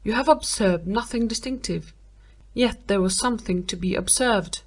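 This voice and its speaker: A woman voicing a cool analytical male detective who lays out his reasoning in a measured way. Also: mid-range voice, husky.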